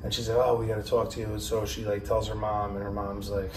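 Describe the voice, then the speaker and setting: A man spins a crude, lively story on a podcast and slips into voices for the people in it. He sits back from the mic in a roomy space. A faint hiss runs under his voice. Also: on the low side, quick pace, few pauses, recorded from a distance. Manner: profane, animated storyteller who acts out quotes. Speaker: podcast host. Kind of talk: casual storytelling.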